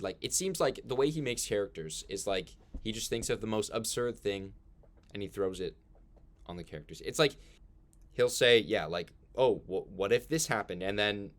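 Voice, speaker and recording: A man hosting a casual film review monologue, chatty and leaning on filler words. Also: on the low side.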